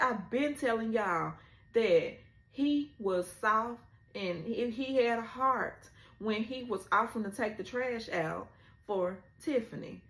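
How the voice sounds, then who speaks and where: Slow-talking emotional woman recapping a show. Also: on the high side, fairly bright tone, roomy sound. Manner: emotional, retelling scenes with rising exclamations. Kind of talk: casual episode recap.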